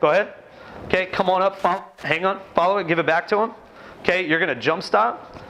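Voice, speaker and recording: A man running a basketball coaching clinic in a gym, giving brisk, commanding drill instructions to players and explaining the ideas to coaches. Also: high voice, bright, forceful tone, a little hiss or hum. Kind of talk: on-court coaching demonstration. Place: indoor gym.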